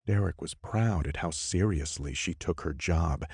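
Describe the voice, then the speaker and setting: A man reading a horror audiobook as narrator, measured and expressive. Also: low voice, gravelly, slightly rough, no echo, studio quality. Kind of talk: scripted narration.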